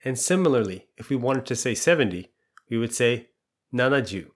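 A language teacher patiently explains his lesson step by step, asking quiz questions and working through the answers. His mid-range voice is expressive and moves at a moderate pace.

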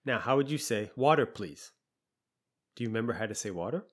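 A man's voice: lowish voice, expressive. Patient male language teacher. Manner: patient, explanatory, repeats example phrases slowly. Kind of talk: language lesson podcast.

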